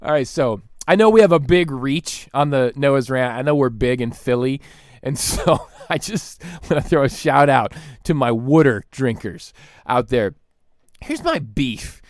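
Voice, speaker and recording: Excitable, rambling male podcast host. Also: medium pitch, measured pace, dry recording, clean studio sound. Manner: excitable, rambling, laughs often. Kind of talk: comedic solo rant.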